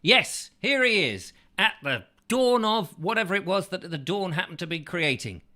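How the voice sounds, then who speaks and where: A man's voice: sits high, very animated, normal speed, pushed and bright. A man hosting a chat show, rambling through a whimsical, absurd comic monologue full of silly asides.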